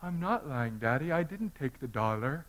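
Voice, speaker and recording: A man's voice: medium pitch, animated, normal speed, natural voice, poor audio. A man voicing a fibbing seven-year-old boy who pleads and insists on his denials. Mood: pleading.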